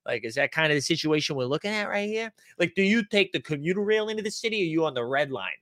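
A man's voice: a little high, lively intonation, quick pace, a bit bright, no echo, studio quality. A man putting on a brash, swearing young Boston guy with a Boston accent who calls everyone dude and bro. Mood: ribbing.

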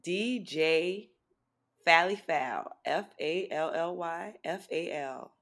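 A woman's voice: lowish voice, slow pace, a bit bright. A woman guest on a podcast in casual chat, upbeat and playful, hyping up the host.

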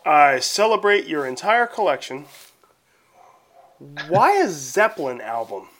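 High, lively-voiced male interviewer. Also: measured pace. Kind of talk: casual interview chat.

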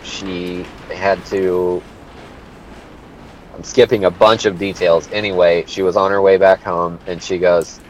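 A man's voice: low voice, a little slow, darkish tone, muffled recording, slight background noise. A man, a young adult, co-hosting a podcast and telling a rambling, profane story in a casual chat. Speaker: podcast co-host. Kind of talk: casual crude podcast banter.

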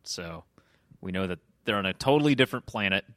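Man, podcast host, bright, rambling casual recap, dry close mic. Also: low-pitched, expressive, quick pace, no echo. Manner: loose, rambling recap, often slips into quoting characters. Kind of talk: casual chat.

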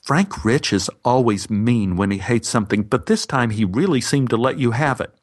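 A man voicing a kindly clothing salesman, gently persuasive and philosophical. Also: mid-range voice, expressive, normal speed, no room sound, studio quality, natural voice. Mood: reassuring.

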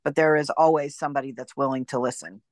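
A woman's voice: a bass voice, steady tone, fast, no room sound, clean studio sound. A woman guesting on a podcast in casual, chatty talk.

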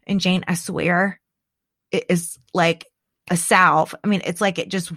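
A middle-aged woman talking in a casual chat as co-host, animated and chatty, laughing often and restarting her sentences. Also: on the low side, measured pace. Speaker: podcast co-host.

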